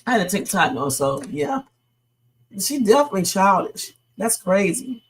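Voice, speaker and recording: Streamer reacting to clips, cussing a lot, talks right to chat, middle pitch. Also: sing-song, moderate pace, a little hiss or hum. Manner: blunt, profane, talks straight to viewers. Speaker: livestream host. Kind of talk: casual reaction commentary.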